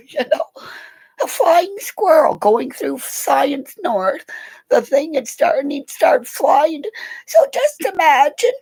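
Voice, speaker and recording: Speaking slowly in a high-pitched voice with vocal fry, a middle-aged woman chats on a livestream. Her animal stories ramble, and she's excitable, swearing and laughing while switching from one to another. The recording sounds rough.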